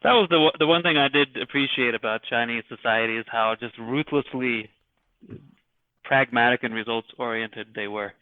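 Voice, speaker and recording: A male podcast guest in casual chat, talking haltingly with many restarts and crude swearing. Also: medium pitch. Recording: dry, phone-like call audio.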